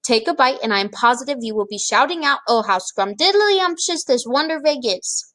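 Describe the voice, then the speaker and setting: A woman's voice: high voice, lively intonation, normal speed, bright, forceful tone. A woman voicing a kind, timid male giant who speaks earnestly with jumbled grammar in a storybook reading. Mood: earnest pleading.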